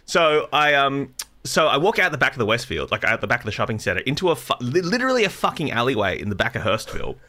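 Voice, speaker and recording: A man spins a rambling, anxious comic story, swearing freely and running himself down. His tone is bright and forward, and his pitch swings widely as he tells it. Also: big pitch swings, quick pace, a little hiss or hum. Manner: rambling, self-deprecating, swears a lot, anxious. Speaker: podcast co-host telling a story. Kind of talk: casual comedic storytelling.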